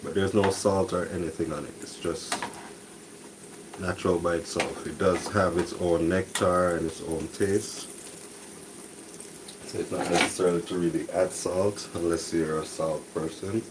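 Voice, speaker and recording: A man hosting a live cooking stream, talking softly and casually to viewers while he cooks breakfast. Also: sits low, unhurried, noisy background. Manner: talks softly, relaxed and chatty. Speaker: cooking channel host. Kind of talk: soft-spoken live cooking stream chat. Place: home kitchen with cooking noise behind.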